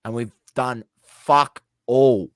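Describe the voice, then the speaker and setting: A man's voice: mid-range voice, fairly even intonation, slow pace, no room sound. Blunt Australian man, dry close sound. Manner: blunt, swears freely, repeats himself for emphasis. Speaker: podcast co-host. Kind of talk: casual sports chat.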